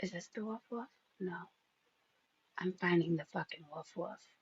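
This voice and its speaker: A woman's voice: lowish voice, normal speed, slightly rough, no echo, muffled recording. A woman hosting a gossip channel, reading out screenshots in casual, sarcastic commentary that swears freely and keeps getting distracted.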